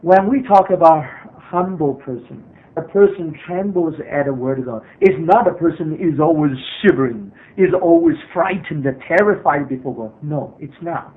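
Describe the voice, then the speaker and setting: A man's voice: on the high side, normal speed. A man preaching a sermon as pastor, earnest and repetitive, with frequent hesitations. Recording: tinny phone-like sermon recording.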